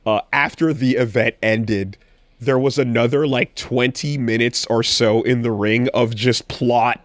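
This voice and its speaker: Man telling an excited wrestling story. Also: medium pitch, measured pace, dry recording. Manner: excited storytelling, animated quotes, frequent swearing. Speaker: podcast co-host. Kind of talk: casual chat.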